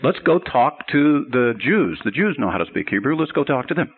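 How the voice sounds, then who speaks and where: A man's voice: mid-range voice, sing-song, normal speed, phone-quality sound, a little hiss or hum. A man voicing eager, earnest Christian men questioning a teacher.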